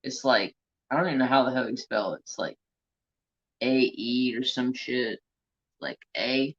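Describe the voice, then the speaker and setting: A man's voice: medium pitch, a little slow, long pauses, fairly bright tone, slightly rough. Rambling man with a lo-fi drawl. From California. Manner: rambling, self-talking, joking, loose Southern-tinged drawl. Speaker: craft channel host. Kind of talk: casual live-stream chat.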